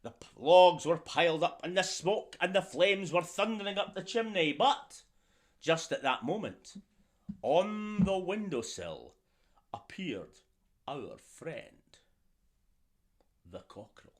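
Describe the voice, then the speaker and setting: A man's voice: high-pitched, big pitch swings, takes it slowly, long pauses. A man telling a story to children, theatrical and drawing the listeners in to join along. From Scotland. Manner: theatrical, asks the young audience to join in.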